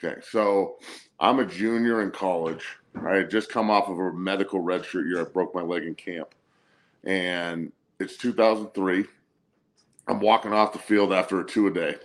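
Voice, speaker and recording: A man's voice: low voice, fairly even intonation, normal speed. A man in his forties co-hosting a casual sports talk show, laid-back and profane, laughing through his stories. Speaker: co-host, former college athlete. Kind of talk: casual storytelling chat.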